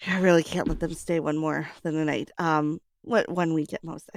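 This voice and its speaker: A woman's voice: low voice, flat delivery, moderate pace, a little hiss or hum. A woman voicing a cynical, foul-mouthed former pilot with a hip injury, in an audio drama. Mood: harsh. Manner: blunt, sarcastic, swearing. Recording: reverb and background music.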